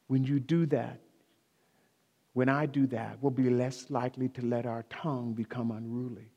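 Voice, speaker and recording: A man's voice: mid-range voice, flat delivery, normal speed, in a large hall, highs cut off. A man preaching a sermon, speaking emphatically, repeating key phrases and talking directly to the congregation in a church. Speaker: pastor.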